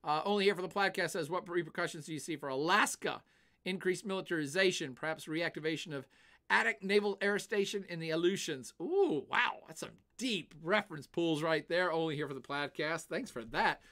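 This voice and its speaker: An older man hosting a livestream, casually answering chat questions in an animated way and laughing often. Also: fairly high pitch, brisk. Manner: animated, laughs often, puts on silly voices. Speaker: livestream host.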